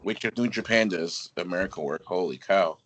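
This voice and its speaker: A man's voice: low-pitched, a little fast, fairly bright tone. A man co-hosting a casual podcast, chiming in with short, laid-back remarks. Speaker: podcast co-host.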